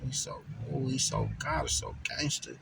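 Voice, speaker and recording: A man reading scripture aloud and then riffing on it in casual, slangy, animated commentary. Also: medium pitch, normal speed, creaky, noisy background. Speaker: bible study vlogger.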